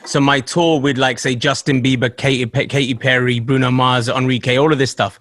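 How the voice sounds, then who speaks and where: A man hosting a podcast in casual chat, telling stories in an animated way with laughter and swearing. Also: medium pitch, a little fast, hardly any pauses, no echo. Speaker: podcast host.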